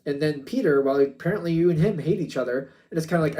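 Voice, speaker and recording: Musing man giving a mellow tarot reading. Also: fairly high pitch, fast talker. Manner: musing, wandering, acts out quoted back-and-forth exchanges. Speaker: tarot reader.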